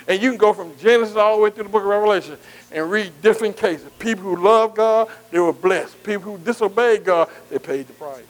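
High-voiced man preaching call-and-response. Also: fairly quick, poor audio. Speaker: pastor. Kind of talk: sermon. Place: church.

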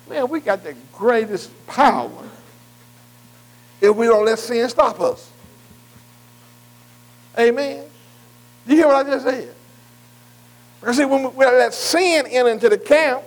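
High-pitched male preacher, call-and-response sermon, keeps asking "am I right", reads verses slowly. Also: rough recording. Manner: repeatedly asks "am I right?"; reads scripture slowly and deliberately.

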